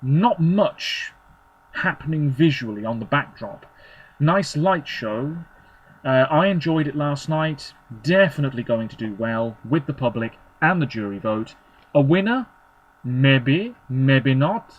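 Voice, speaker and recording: Husky-voiced man giving quick verdicts. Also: medium pitch, animated, muffled recording. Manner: chatty, sarcastic, quick verdicts in short phrases. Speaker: Eurovision commentator. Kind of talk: opinionated solo commentary.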